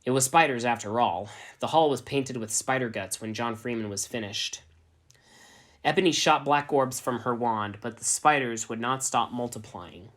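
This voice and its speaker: Deadpan man reading a story aloud. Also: mid-range voice, normal speed. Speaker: narrator. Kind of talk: dramatic reading of fan fiction.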